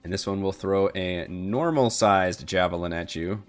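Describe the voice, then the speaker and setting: Low-voiced male game master, teasing and profane, quick to laugh. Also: soft background music. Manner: teasing, laughs a lot, swears freely. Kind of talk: running a tabletop game.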